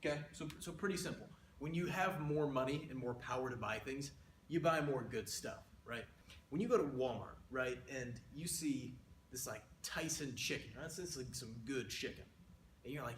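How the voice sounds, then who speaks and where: A man's voice: mid-range voice, moderate pace, a little hiss or hum. Man joking through a mock lecture, roomy. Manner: playful, rambling, exaggerated asides. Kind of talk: comedic lecture sketch. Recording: roomy echo.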